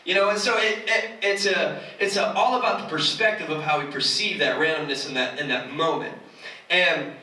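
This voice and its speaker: A man preaching in a church hall keeps things casual and conversational, joking and mocking himself. His voice is fairly high with a sharp edge, captured from a distance in an echoey space with slight background noise.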